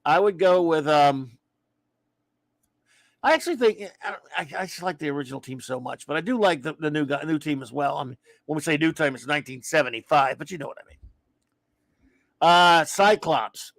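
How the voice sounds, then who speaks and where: A man's voice: on the high side, normal speed, fairly bright tone, no room sound. A man from Louisiana hosting a casual live-stream comics chat. He rambles through strong opinions and greets his viewers in a friendly way. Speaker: livestream comics talk host.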